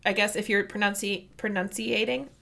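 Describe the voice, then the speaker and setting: A woman co-hosting a casual chat, talking in an emphatic, animated, ranting way. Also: mid-range voice, normal speed, creaky.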